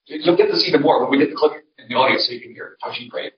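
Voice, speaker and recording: Older guy preaching, folksy and chatty, kinda high voice, echoey church hall, heard from back a ways, muffled. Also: racing. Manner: conversational, storytelling, frequent restarts. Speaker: pastor giving a seminar. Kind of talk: folksy seminar talk. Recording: roomy, distant, dull sound.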